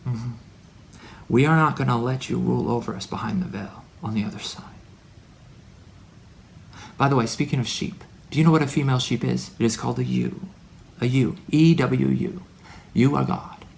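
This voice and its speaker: A man delivering a rambling spiritual monologue to his son. He is preachy and full of wordplay, and he swings from loud declarations to hushed asides. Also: mid-range voice, normal speed, creaky, slight background noise. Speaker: religious speaker addressing his son.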